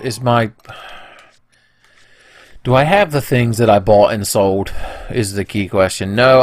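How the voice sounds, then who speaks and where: Lively joking male game commentator. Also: lowish voice. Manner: joking, profane, puts on silly voices. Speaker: let's play commentator. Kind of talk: casual gameplay commentary.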